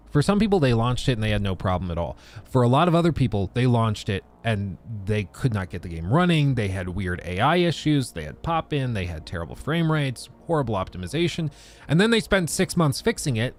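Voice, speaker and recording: Streamer host, male, animated rant to chat, lively delivery over faint background music. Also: medium pitch. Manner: ranting, animated, reads chat aloud. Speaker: livestream host. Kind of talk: casual livestream chat.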